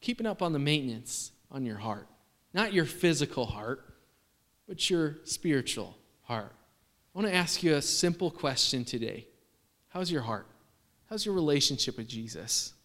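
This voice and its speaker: Bright-voiced male pastor in a hall. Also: a little high, very animated, moderate pace. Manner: casual, joking, many fillers. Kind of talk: sermon. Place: church hall. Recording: long reverb of a large hall.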